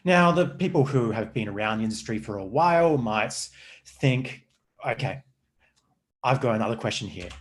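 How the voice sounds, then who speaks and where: Aussie male speaker, middle-aged, on a video call, lively up-and-down delivery, informal. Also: medium pitch, normal speed. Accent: Australian. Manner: informal, slightly nervous first-time presenter. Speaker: conference speaker. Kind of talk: presentation.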